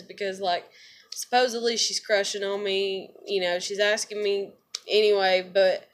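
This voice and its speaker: A woman's voice: mid-range voice, a bit bright, a little hiss or hum. A woman vents in a blunt, profane, rambling monologue, often repeating words as she talks to her viewers. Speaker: vlogger. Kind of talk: casual venting monologue to camera.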